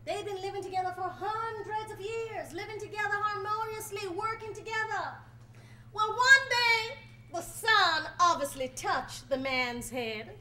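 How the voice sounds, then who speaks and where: A woman's voice: very high voice, normal speed, few pauses, sharp tone, slight background noise. A woman telling a folk tale aloud to a live audience, dramatic and playful, speaking straight to her listeners. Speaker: storyteller. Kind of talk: live folk storytelling performance. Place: college event before a live audience.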